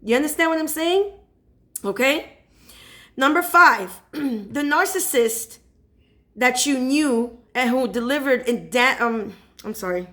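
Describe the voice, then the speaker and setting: Woman spiritual advisor, casual preaching tone, fairly high voice, keeps asking "okay?". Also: animated, measured pace, long pauses, sharp tone. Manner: checks in with listeners with repeated "okay?".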